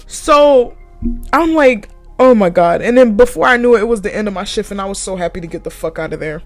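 A young woman vlogger telling a story about work in a blunt, profane, emphatic way. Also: medium pitch. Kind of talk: casual storytime monologue.

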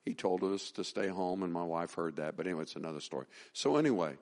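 A man's voice: low voice, fast talker, a little mellow. A middle-aged man preaching a sermon as pastor, talking in a conversational, folksy way, with restarts and rising emphasis.

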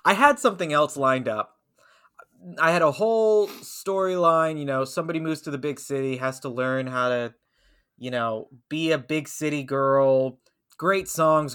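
A woman's voice: low-pitched, a bit bright. A woman hosting an improv comedy podcast, wry and exasperated as she explains. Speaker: podcast host.

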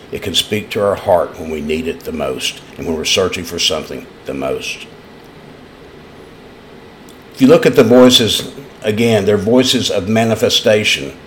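A man's voice: sits low, slight background noise. A man preaching a sermon in an East Tennessee accent, telling folksy stories in an earnest way. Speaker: pastor.

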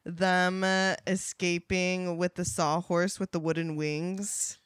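Bright, smooth-voiced podcast co-host. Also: medium pitch, flat delivery, takes it slowly, no room sound, clean studio sound. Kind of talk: casual chat recapping a film.

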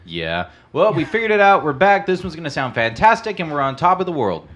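A man hosting a casual podcast with friends, animated and joking, sliding into mock announcer bits. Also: a little high, fairly quick. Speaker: podcast host. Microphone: headphones on, studio mic.

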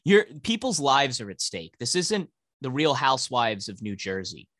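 A man's voice: medium pitch, very animated, moderate pace, fairly bright tone, no room sound. A male podcast co-host ranting about sports in casual, profane talk.

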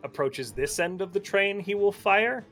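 A man narrating a tabletop game as game master, relaxed and hesitant with many fillers. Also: high-pitched, normal speed, soft background music.

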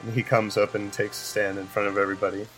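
A man's voice: lowish voice, fast, soft background music, low-quality recording. Man narrating as game master. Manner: relaxed, casual narration with fillers.

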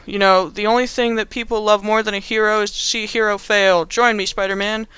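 A smug, taunting male supervillain with a casual drawl and a bright, crisp tone, as a man puts him on. He speaks offhandedly and sounds dry and close. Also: high voice, flat delivery, brisk, dry recording.

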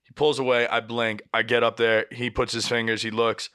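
A young man hosting a podcast, telling a story casually, animated and swearing, acting out the dialogue. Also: medium pitch, normal speed, smooth. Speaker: podcast host.

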